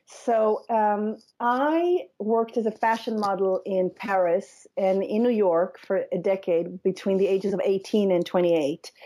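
A woman author being interviewed on the radio, talking in a thoughtful, measured way with pauses. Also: medium pitch, warm tone. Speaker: author and guest.

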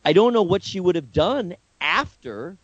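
A man co-hosts a podcast, reflecting on a case in a measured, thoughtful way. His voice moves with lively pitch. The dry, slightly dull recording lacks brightness. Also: no echo. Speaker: podcast co-host. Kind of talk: casual interview conversation.

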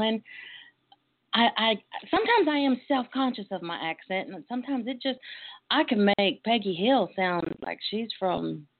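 A woman with a Texas twang hosting a relaxed, chatty talk show, laughing easily. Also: mid-range voice, no echo. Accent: Texas Southern. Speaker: host. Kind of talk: casual chat. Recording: tinny phone-like line.

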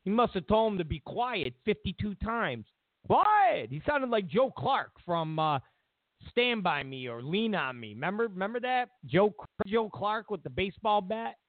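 A man hosting a political commentary show, ranting in a mocking, animated way over a phone line. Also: high voice, moderate pace, no room sound. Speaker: host.

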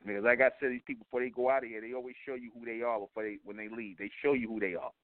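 A man's voice: medium pitch, level tone, rapid-fire, no room sound. Preachy man lecturing on tinny phone line. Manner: preachy and repetitive, keeps asking "you see?"; blunt and profane. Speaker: internet radio talk show host. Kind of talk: lecturing radio monologue.

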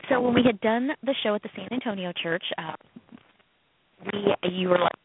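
A woman co-hosting a casual radio chat, telling a story in an animated way and acting out quoted voices. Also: medium pitch, normal speed, slightly rough, no echo. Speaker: co-host, comedian. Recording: tinny phone-like radio sound.

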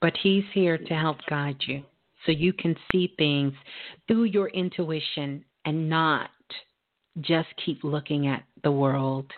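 A woman hosting a live call-in reading show, talking to callers in a calm, reassuring way. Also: deep voice. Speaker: radio show host. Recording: narrow phone-like audio.

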